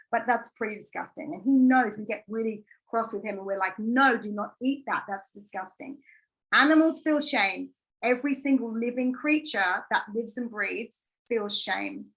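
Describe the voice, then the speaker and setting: A woman's voice: on the high side, rough recording. A woman in her thirties, a wellbeing coach giving a conversational masterclass, earnest and candid, full of "like" and restarts. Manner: chatty, filler-heavy with frequent "like" and restarts.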